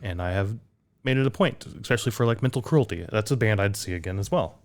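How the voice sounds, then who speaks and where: A lower-voiced American man talks casually on a podcast. He rambles through his points and makes fun of his own slips. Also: lively intonation, fast talker. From United States. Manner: rambling, self-deprecating, laughs at own slips. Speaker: podcast co-host. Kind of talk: casual chat.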